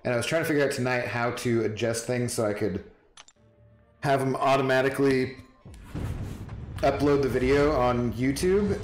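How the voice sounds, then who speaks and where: A male game streamer rambles through casual chat with his viewers and answers them one by one by name. His voice sits in a roomy, echoing space. Music plays clearly underneath. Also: medium pitch.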